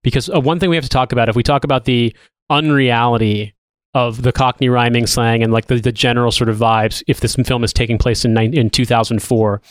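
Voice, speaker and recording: A man's voice: medium pitch, steady tone, fairly quick, no room sound. A podcast co-host, a man in casual film review chat, rambling loosely and swearing as he talks.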